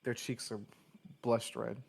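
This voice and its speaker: A man's voice: mid-range voice, little pitch movement, slow pace, vocal fry, slightly rough. Casual male game master. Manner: casual, filler-heavy. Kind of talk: narrating a tabletop game.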